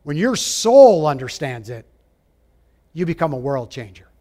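A man preaching a sermon, emphatic, asking his listeners direct questions and dropping to a hush at times. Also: on the high side, big pitch swings, measured pace. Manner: emphatic, rising and falling, drops to a hush for quoted lines; asks the audience direct questions.

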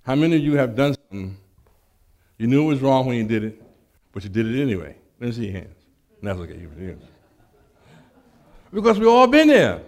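A man preaching a sermon and telling a personal testimony, animated and acting out the dialogue, with frequent stammered restarts. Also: mid-range voice, brisk, long pauses.

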